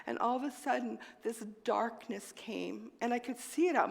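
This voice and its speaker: A woman preaching a sermon with personal testimony, swinging between loud exclaims and hushed near-whispers. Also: on the high side, normal speed, vocal fry, long reverb tail. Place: church sanctuary.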